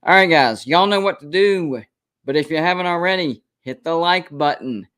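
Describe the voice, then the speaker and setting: Speaking at a moderate pace in a fairly high, somewhat bright voice, this host keeps his live college football stream casual. He hammers home his predictions, insisting on them again and again.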